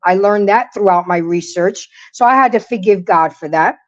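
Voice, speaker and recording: A woman's voice: mid-range voice, moderate pace. A middle-aged woman hosting a casual livestream, talking emphatically and preaching to her viewers while greeting the chat. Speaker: livestream host. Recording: lo-fi dull audio.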